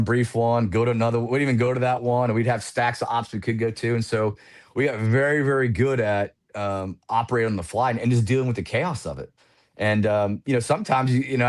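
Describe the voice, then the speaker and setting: A man in his forties, a retired Air Force pilot, telling war stories casually as a podcast guest, animated and full of "you know" fillers. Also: medium pitch.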